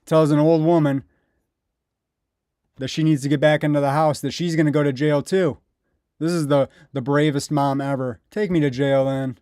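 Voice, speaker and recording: A man talks over police footage, mocking and indignant. His voice sits fairly high, and it is recorded close and dry with no room sound. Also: steady tone, normal speed, pauses often, darkish tone, smooth, dry recording. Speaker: video commentator. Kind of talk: angry commentary over bodycam footage.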